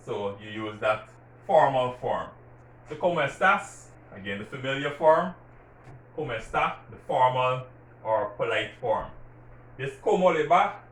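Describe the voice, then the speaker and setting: A man teaching Spanish greetings, patiently explaining grammar and repeating example words slowly with stressed syllables. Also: medium pitch, fairly bright tone. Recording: roomy echo from a distant mic, faint background hiss.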